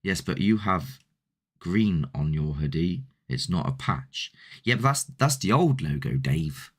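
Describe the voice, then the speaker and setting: Low-voiced man chatting live. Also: animated, a little slow, breathy edge. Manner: rambling, chatty, answers viewer comments. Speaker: host of a paranormal channel. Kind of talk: casual live-stream chat.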